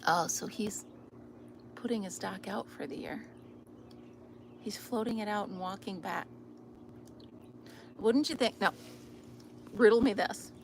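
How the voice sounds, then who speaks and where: Standing by a flowing river, a woman vlogs into her phone in a casual chat, amused and frequently slipping into a near whisper. Her creaky, medium-pitched voice keeps a measured pace with frequent pauses, and the river is loud in the outdoor recording.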